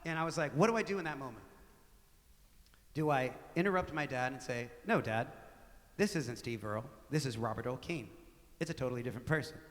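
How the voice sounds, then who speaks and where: A man's voice: medium pitch, fairly quick. Man telling stories onstage in a reverberant club. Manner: animated, conversational, with laughs and acted-out quotes. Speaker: singer-songwriter telling stories on stage. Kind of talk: live onstage storytelling between songs. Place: small live music venue with audience.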